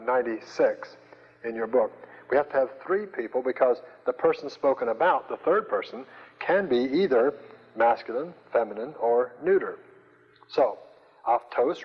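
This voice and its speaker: An older man teaching a Greek class, speaking slowly with many fillers and restarts. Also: medium pitch, slightly rough. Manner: slow, hesitant, many fillers. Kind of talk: classroom lecture. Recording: dull, roomy lecture recording.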